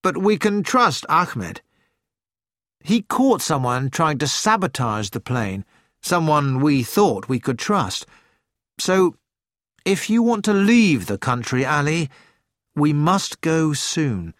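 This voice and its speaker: Male reader doing a steady, grim young pilot, slow and lively-pitched, close and dry. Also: no room sound, full character voice. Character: young male pilot, calm loyal friend.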